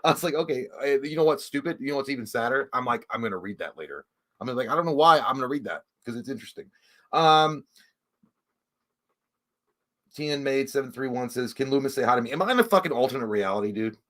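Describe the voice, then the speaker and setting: A male livestream host in casual chat mode, talking at an ordinary middle pitch. He reads viewer messages out loud and riffs on them loosely, dropping curse words and little chuckles along the way. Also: expressive, fast talker. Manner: swears freely, chuckles often, loose and rambling.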